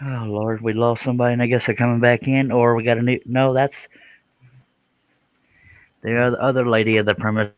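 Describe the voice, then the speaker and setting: A man's voice: medium pitch, little pitch movement, brisk, pauses often, clear, resonant tone, no echo, rough recording. A middle-aged man hosting a live stream, chatting casually, joking about himself and greeting viewers by name.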